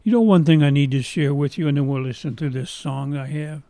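A man's voice: a little high, a little fast, warm tone, no echo. A man preaching a sermon, retelling a story in a folksy way and repeating phrases for emphasis.

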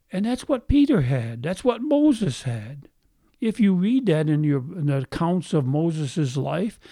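A middle-aged male pastor delivers a sermon in a slow, warm, slightly high voice. He carries a faint brogue-like trace of a childhood speech impediment. He repeats phrases for emphasis, and the sound is dry and close. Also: dry recording. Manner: earnest preaching, repeats phrases for emphasis, asks the congregation questions.

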